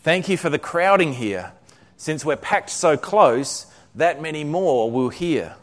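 A man voicing a calm, faithful woman prisoner who speaks with matter-of-fact encouragement. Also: a little high, a little slow, voice pushed up. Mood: serene. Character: serene, faithful woman prisoner, gently insistent.

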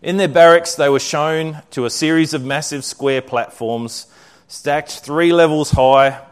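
A man's voice: a little high, unhurried, clean tone. A man preaching a sermon in a conversational way, then reading a story aloud. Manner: conversational, with frequent fillers and restarts.

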